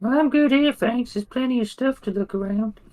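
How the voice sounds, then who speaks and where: A man speaks in a very high, cheeky voice as his tabletop character. He sounds sulky and stubborn, answering back in short lines. Soft music plays faintly under the table talk. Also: normal speed. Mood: grumpy. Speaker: player of the character Scrick.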